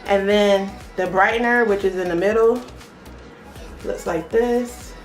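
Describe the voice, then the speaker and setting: A young woman chatting casually as a beauty vlogger, excitable and talking straight to her viewers. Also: mid-range voice, a little slow. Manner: chatty and excitable, often addresses the viewers directly. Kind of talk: casual unboxing chat. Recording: echoey room with faint background music.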